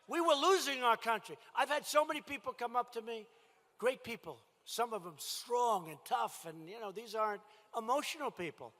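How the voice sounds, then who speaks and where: A man delivers a campaign rally speech in a big indoor venue. His voice sits high and comes out forceful and sharp. He talks in short, emphatic bursts and keeps circling back to the same lines. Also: normal speed. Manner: emphatic, repetitive, punchy phrasing. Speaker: politician addressing a rally.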